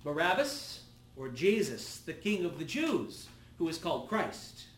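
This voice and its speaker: Guy reading as a nervous roman governor, high lively voice pushing questions, echoey room. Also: measured pace, a little hiss or hum. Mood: pleading. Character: Roman governor, grown man, uneasy and pleading.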